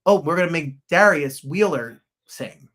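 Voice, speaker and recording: Male podcast host, casual rambling chat, eager and excitable delivery. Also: on the high side, a little slow.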